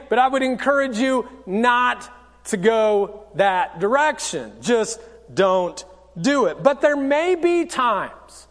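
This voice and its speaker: A man's voice: very high-pitched, big-room sound. A man preaching a sermon as pastor, in a practical, conversational way and acting out short quotes.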